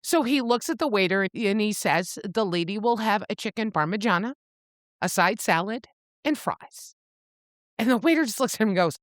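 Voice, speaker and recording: A woman co-hosting a book podcast, recapping the plot in a casual, animated way, swearing and acting out the characters' lines. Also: normal speed, no echo, clean studio sound. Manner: animated storyteller, swears freely, acts out quotes with pitch jumps. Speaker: podcast co-host.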